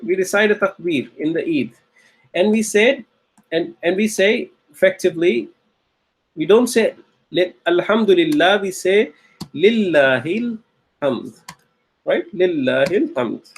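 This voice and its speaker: A man's voice: high-pitched, husky. A man teaching a recorded Arabic grammar lecture, patiently repeating key phrases and often checking with "okay?".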